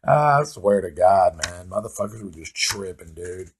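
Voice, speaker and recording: A man's voice: low voice, expressive, a little slow, slightly rough. A man hosting his own comedy show, telling rambling, profane stories in a casual stand-up style. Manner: profane rambling with filler words. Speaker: comedian host.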